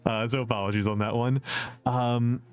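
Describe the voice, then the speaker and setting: A man's voice: medium pitch, flat delivery, moderate pace, darkish tone. A man from the Upper Midwest of the US chatting casually on a live stream, rambling and repeating himself with lots of fillers. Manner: chuckles at his own jokes. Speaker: VTuber streamer answering viewer questions.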